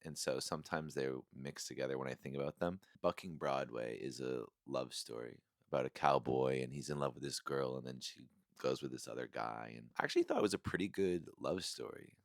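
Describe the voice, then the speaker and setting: A man's voice: very deep voice, a little fast, vocal fry, dry recording, studio quality. A man giving a casual, rambling movie rant, full of fillers and "like", chuckling often and pushing hard on his complaints. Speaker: movie reviewer.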